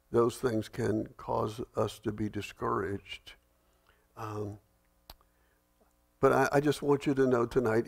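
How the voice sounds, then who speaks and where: A middle-aged male pastor leading a Bible study, telling folksy stories and reading scripture aloud. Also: mid-range voice.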